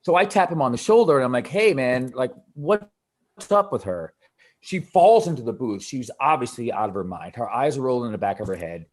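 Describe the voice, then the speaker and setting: A man who works as a DJ, telling a personal story in an animated way with halting restarts. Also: mid-range voice. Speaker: DJ asking a question.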